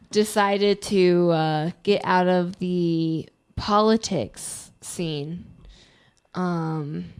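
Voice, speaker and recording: A woman's voice: lowish voice, creaky, a little mellow. A woman narrating her part as a player in a tabletop game, hesitant and full of fillers.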